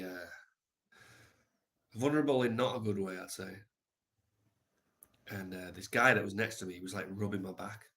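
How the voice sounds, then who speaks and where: A man live streaming, telling a reflective story in a soft, halting way with many pauses. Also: low-pitched.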